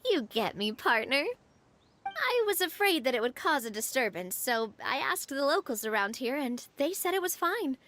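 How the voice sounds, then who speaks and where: A woman voicing a cheerful, outgoing young woman in a game, playful and quick to laugh. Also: sits high, sing-song, a bit bright. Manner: bubbly, playful, laughs easily. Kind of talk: game voice acting.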